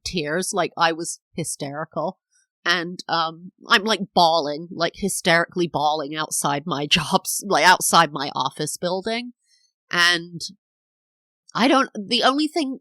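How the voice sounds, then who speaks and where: Chatty woman in her thirties, low voice. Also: a bit bright, no room sound. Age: 30s. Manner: chatty, rambling, many fillers, acts out quoted voices. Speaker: podcast host. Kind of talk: casual personal storytelling.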